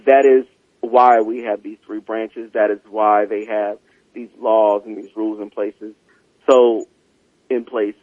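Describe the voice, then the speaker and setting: A man's voice: lowish voice, little pitch movement, unhurried, dry recording. Earnest man on tinny radio audio. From South Carolina. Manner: earnest, pleading. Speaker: radio show co-host.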